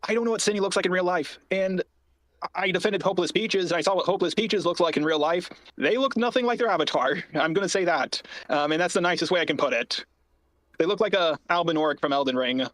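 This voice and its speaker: A man on an archived call, rambling and halting as he explains himself defensively. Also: high voice, a bit bright, no echo. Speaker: online creator in an archived call. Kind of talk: casual call conversation.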